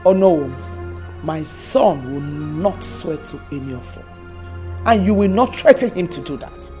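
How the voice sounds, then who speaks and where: A slow, firm royal mother with a Nigerian accent, defending her son. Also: low voice, animated, darkish tone, faint music behind. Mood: protective.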